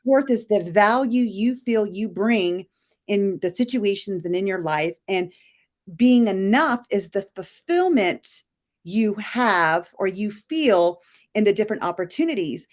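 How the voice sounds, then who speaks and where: A woman's voice: medium pitch, animated, unhurried. A woman co-hosting a live online talk show, speaking earnestly in a coach-like way and sharing stories from her work with clients. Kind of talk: casual live chat.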